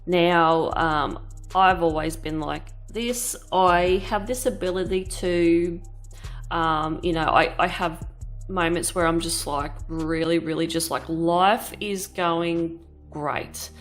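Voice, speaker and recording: A woman's voice: fairly low pitch, steady tone, slow pace, faint music behind. A woman in her thirties chatting candidly while she paints, rambling and swearing casually. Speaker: art vlogger.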